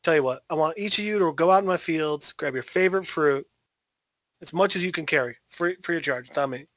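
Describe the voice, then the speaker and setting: A man doing a gruff shotgun-toting farmer. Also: fairly high pitch, a little fast, a bit bright, no room sound, lightly acted. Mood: friendly. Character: stern middle-aged male farmer with a shotgun.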